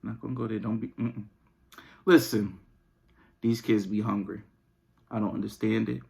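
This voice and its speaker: A man's voice: lowish voice, fairly even intonation, normal speed, gravelly, a little mellow. A man hosting a podcast, venting in a casual, exasperated, slangy rant. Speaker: podcast host.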